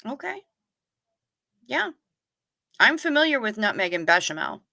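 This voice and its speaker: A woman hosting a casual livestream, chatting and reacting to comments with quick asides. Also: fairly high pitch, big pitch swings, gravelly, pushed and bright, no room sound. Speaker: livestream host reading chat. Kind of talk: casual chat.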